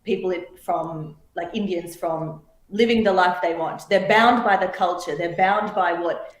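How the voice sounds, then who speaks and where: A woman's voice: fairly low pitch, unhurried. Earnest woman host in a roomy echo. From Australia. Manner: earnest, animated, laughs often. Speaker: podcast host. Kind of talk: casual podcast conversation.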